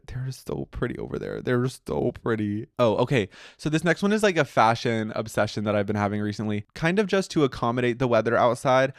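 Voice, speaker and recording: A young man with an American accent talks through his current obsessions in a loose, animated solo chat. His voice is smooth and clean at a middle pitch. The sound is dry and close, with no room around it. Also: no room sound. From United States. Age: young adult. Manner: chatty and animated, heavy use of "like". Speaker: podcast host.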